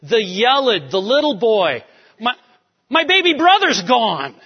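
A man's voice: very high-pitched, big pitch swings, unhurried, husky, voice pushed up, heavily acted. A man voicing a distraught young man grieving his lost brother, with stammering, self-pitying questions. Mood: anguished. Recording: dull recording with long hall reverb.

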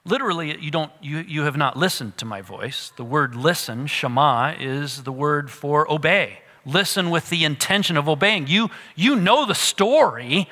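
A man preaching a sermon, animated at times and dropping to a hush for emphasis. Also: a little high, normal speed, few pauses, big-room sound. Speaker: pastor.

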